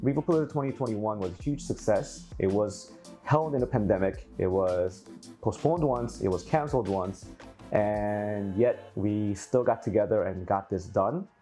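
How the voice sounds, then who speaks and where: Male vlogger, mellow tone, animated storyteller, light music bed. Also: on the low side, normal speed. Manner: animated, acts out quotes, laughs often. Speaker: aquarium hobby YouTuber. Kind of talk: casual storytelling to camera.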